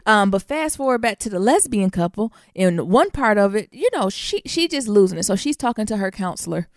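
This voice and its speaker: A woman's voice: mid-range voice, fairly quick, no room sound, clean studio sound. A woman co-hosting a podcast in casual chat, telling stories animatedly and with plenty of cursing. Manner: animated, profane storytelling with acted-out quotes. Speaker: podcast co-host.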